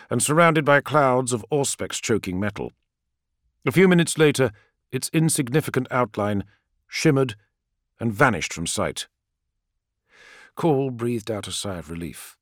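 A man narrates a novel with expressive delivery. His pitch moves widely across each sentence. The sound is dry and close, with no room around it. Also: no echo. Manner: expressive storytelling. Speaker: audiobook narrator. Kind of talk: scripted narration.

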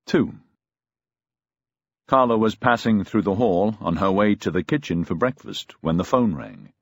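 A man's voice: lowish voice, very animated, measured pace, creaky, no echo. A man narrating a novel as an audiobook, telling the story expressively.

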